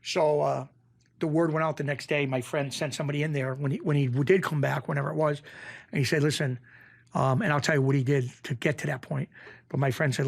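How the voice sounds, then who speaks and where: A man's voice: brisk, gravelly. A middle-aged man with a Western Massachusetts accent tells stories in a casual interview. He often acts out other people's lines in a raised voice. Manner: animated, acts out quoted voices in a raised pitch. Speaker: interview guest, former bookmaker.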